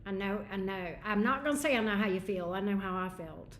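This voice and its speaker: A woman reading tarot on a livestream, talking frankly and casually with plenty of slang. Her voice has a medium pitch for a woman. The room around her sounds echoey. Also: fairly quick, fairly bright tone, a little hiss or hum. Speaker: tarot reader.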